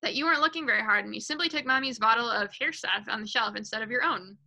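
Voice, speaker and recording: Woman voicing a quiet, sly little girl. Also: on the high side, fast, creaky, full character voice. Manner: quiet, innocent-sounding.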